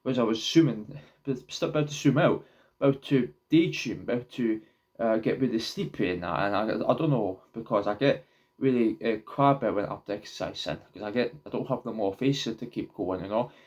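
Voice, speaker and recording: Rambling in his own vlog, a young man speaks to camera in a halting way, repeatedly breaking off and starting his words over. He sounds on the low side, darkish in tone.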